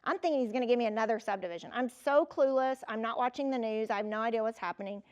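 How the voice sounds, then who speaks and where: A woman in her fifties giving a motivational keynote, telling personal stories in a lively, conversational way and talking straight to the audience. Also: fairly high pitch, quick pace, highs cut off. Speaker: keynote speaker.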